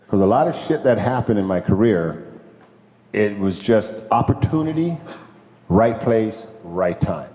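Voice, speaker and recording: An older man from Jamaica, a former ballplayer telling animated stories to a crowd, acting out the people he quotes, laughing often and swearing. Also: low-pitched, normal speed. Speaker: former pro ballplayer, guest speaker. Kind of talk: casual storytelling to a crowd. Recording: echoey hall with long reverb.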